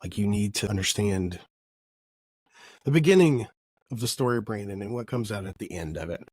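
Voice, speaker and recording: A man's voice: fairly low pitch, animated, moderate pace, a little mellow. A middle-aged man hosting a podcast, telling a personal story in a rambling, jokey way and often correcting himself. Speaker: podcast host. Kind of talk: casual storytelling monologue.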